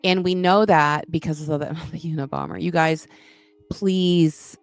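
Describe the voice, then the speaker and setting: A woman's voice: sits low, steady tone, a little slow, dry recording. A woman hosting a casual podcast chat, talking in a frank, rambling way and often breaking off mid-sentence to restart. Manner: rambling, frank, self-interrupting. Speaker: podcast host.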